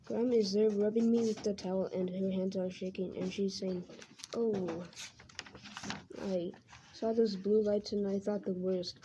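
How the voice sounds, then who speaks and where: A teacher, a woman, reading a novel aloud to her class in a plain, even way, now and then stumbling and correcting herself. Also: medium pitch, normal speed, background noise. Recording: muffled lo-fi recording.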